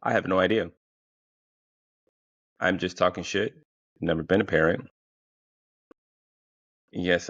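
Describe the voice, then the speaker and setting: A man with a very low, gravelly voice rambles through a comic story, swearing freely and stumbling over restarts. He sounds a bit tired. The recording is dull and lo-fi, with a dry, close sound. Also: a bit bright, no room sound. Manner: rambling, profane, many fillers and restarts. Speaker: podcast host.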